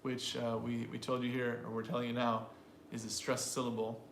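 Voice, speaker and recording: A man's voice: medium pitch, completely flat delivery, fairly quick, gravelly, roomy sound, a little hiss or hum. A man teaching an English pronunciation lesson to a live audience, explaining and drilling sentences aloud in an upbeat way.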